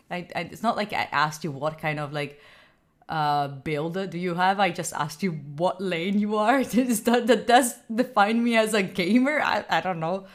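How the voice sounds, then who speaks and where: A young woman from Italy with an Italian accent, chatting casually with her livestream viewers. She is animated, laughs often and reads chat messages aloud. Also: on the low side, normal speed. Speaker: streamer.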